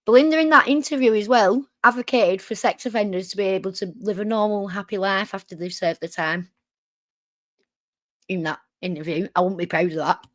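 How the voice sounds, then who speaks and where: A woman's voice: mid-range voice, fairly even intonation, a little fast, no room sound, clean studio sound. A woman hosting a reaction stream, talking back at clips with sarcasm and swearing. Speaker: streamer host. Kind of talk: reaction commentary.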